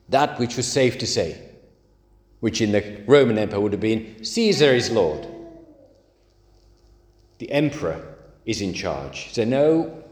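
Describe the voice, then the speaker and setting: A man preaching a sermon, leaning hard and slowly on key words. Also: mid-range voice, darkish tone. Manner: emphatic, slow stresses on key words. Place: church. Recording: echoey church hall.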